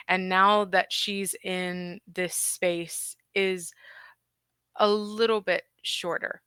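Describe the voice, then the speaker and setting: A woman's voice: medium pitch, steady tone, slow, pushed and bright, clear, resonant tone, dry recording, clean studio sound. A woman describing her character in a tabletop game, hesitant and searching for words. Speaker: player.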